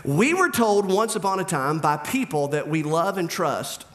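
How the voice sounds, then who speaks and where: A man's voice: on the high side, expressive, normal speed, fairly bright tone. A middle-aged man preaching a sermon in a conversational, humorous way. He acts out back-and-forth dialogue as he talks. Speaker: pastor.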